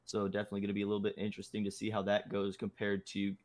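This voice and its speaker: A lower-pitched male color commentator on a live esports stream. He speaks loosely and casually, peppering his analysis with fillers. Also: completely flat delivery, rapid-fire. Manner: casual, filler-heavy with frequent "uh, you know".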